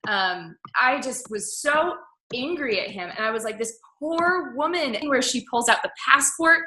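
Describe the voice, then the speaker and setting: A woman co-hosting a casual film discussion, talking with passion and acting out characters in loud mock voices. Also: a little high, lively intonation, moderate pace, slight background noise. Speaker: film podcast co-host. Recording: roomy echo.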